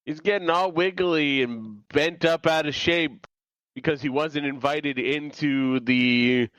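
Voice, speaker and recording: A man's voice: fairly high pitch, slow, fairly bright tone, clean tone, no room sound, dull audio. A man co-hosting a podcast in casual recap chat, wry and chatty, often restarting his sentences. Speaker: podcast co-host.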